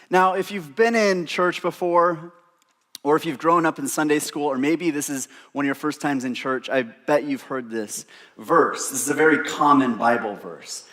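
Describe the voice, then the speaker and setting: Man preaching with playful asides. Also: a little high. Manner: storytelling, with playful self-mocking asides. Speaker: pastor. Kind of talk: sermon.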